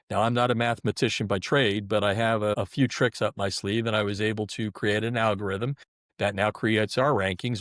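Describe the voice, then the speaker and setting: A man's voice: on the low side, no echo, studio quality. A middle-aged man talking as an interview guest, folksy and chatty, often restarting his sentences. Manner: talkative and folksy, with repeated restarts. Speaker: guest, sports website editor. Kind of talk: conversational interview.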